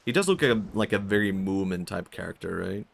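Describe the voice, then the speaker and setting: Laughing often, a young man from Sweden chats casually on his game stream in a Swedish accent. His creaky, low-pitched voice moves fairly quickly with lively intonation, and faint game music plays underneath.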